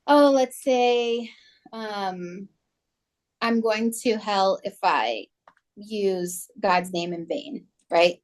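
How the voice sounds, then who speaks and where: A woman co-hosting a podcast, talking casually with many fillers. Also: mid-range voice. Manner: chatty, many "like" and "you know" fillers. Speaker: podcast co-host.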